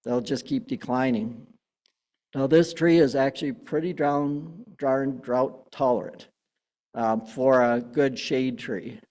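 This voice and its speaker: A man's voice: mid-range voice, slow, a little mellow. A man giving a casual public talk on plants, chatty with many fillers and restarts. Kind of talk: public gardening talk with slides. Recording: long hall reverb.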